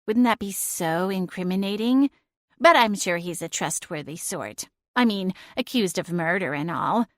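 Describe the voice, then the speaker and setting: A woman's voice: medium pitch, animated, a little slow, a bit bright, no room sound, studio quality. A woman voicing a smug, sly female talking cat who teases with drawling, passive-aggressive innocence. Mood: mocking.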